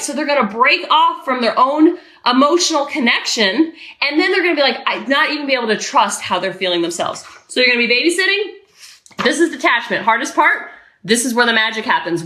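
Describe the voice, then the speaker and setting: Bright, energetic woman coaching parents. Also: high voice, roomy sound. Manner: energetic and emphatic, repeats key phrases. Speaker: parenting coach and podcast host. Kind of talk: podcast coaching talk.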